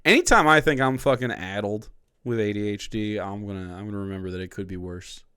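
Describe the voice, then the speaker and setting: A man's voice: fairly low pitch, fairly quick, sharp tone, smooth, dry recording, clean studio sound. A man streaming live and reacting to a clip, swearing a lot, mocking it and laughing often.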